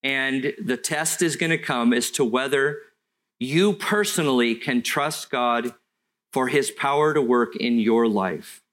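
Earnest pastor preaching. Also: male voice, mid-range voice, a bit bright. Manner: earnest, storytelling, with slow deliberate stretches. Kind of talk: sermon.

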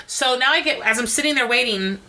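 A woman co-hosting a podcast, telling a story in fast, profane, animated chat and acting out the people in it. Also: on the high side, a little hiss or hum. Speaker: podcast co-host.

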